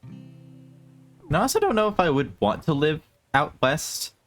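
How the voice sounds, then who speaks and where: A man from the United States chatting casually on a live stream, soft-spoken and a bit hesitant, laughing often. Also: fairly high pitch, big pitch swings, a little slow, soft background music.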